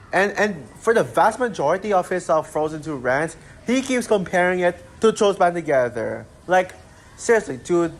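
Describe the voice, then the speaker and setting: A man with a somewhat high-pitched voice delivers an unscripted rant. He sounds exasperated and rambles, stumbling through fillers and false starts. Faint noise sits behind him. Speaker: channel host ranting about a critic.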